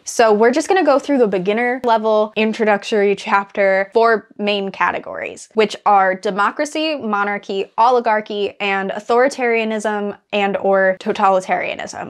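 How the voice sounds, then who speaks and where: A young woman from the United States giving a casual, chatty lesson on storytelling, with frequent filler words and lively jumps in pitch. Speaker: writing tutor. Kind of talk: casual explanatory talk.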